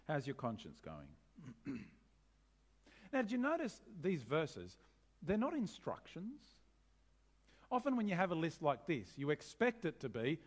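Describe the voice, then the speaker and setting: Male preacher, sermon, animated, questioning, wry humor. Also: high-pitched, measured pace. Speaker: pastor.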